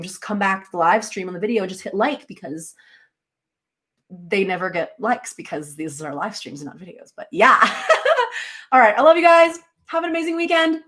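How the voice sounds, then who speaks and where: A young American woman chatting casually on a livestream, animated and quick to laugh as she reads and answers viewers. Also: medium pitch. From United States. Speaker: livestream host.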